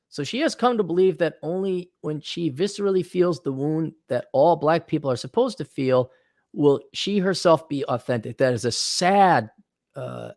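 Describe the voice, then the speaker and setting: Blunt sarcastic man, higher voice. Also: no room sound, studio quality. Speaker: commentator reading and reacting. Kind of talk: opinionated monologue commentary.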